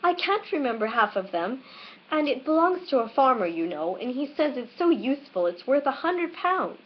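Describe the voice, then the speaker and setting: Earnest, chatty storybook girl who rambles on with polite eagerness, as a woman reading voices her; bright and high, dull webcam sound. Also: sing-song, moderate pace, slight background noise.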